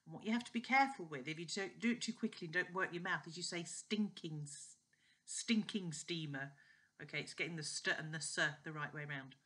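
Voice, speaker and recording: Lady doing voice drills from home, low voice but bright and crisp, chatty. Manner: chatty, demonstrates twisters slowly with big jumps up in pitch. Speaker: voice exercise coach. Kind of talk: casual home video lesson.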